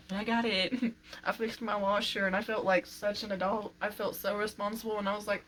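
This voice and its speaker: A woman's voice: medium pitch, steady tone, normal speed, fairly bright tone, poor audio. A woman in a casual chatty vlog, rambling and exasperated, often laughing, talking at home while she works on furniture. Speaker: vlogger. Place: home, working on a furniture project.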